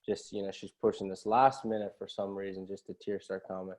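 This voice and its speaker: Man, podcast guest, casual storytelling, lowish voice, mellow, keeps asking "right?". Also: little pitch movement, brisk. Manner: ends many phrases with a questioning "right?"; earnest, motivational.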